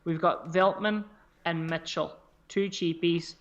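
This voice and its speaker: A man co-hosting a podcast in casual chat, chatty and animated, swearing freely as he talks. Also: a little high, slow, dull audio. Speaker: podcast co-host.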